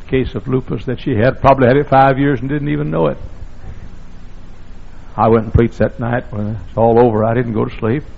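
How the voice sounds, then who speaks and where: An older man from the South, a pastor, preaching a sermon, husky and gravelly, and now and then breaking into sudden loud shouts. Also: medium pitch. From American South. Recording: dull lo-fi sermon recording.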